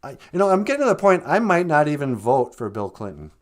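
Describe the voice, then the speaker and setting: Jokey man co-hosting a podcast, lively pitch. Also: fast. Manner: jokey, breaks into put-on voices. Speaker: podcast co-host. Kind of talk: casual chat.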